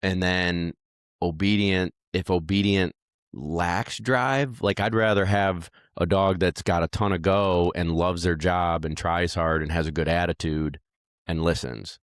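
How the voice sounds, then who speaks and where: A man's voice: sits low, measured pace, clear, resonant tone, dry recording, studio quality. A dog trainer guesting on a podcast, chatting casually and acting out lines as he tells stories. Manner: animated storyteller, acts out lines. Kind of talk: casual interview chat.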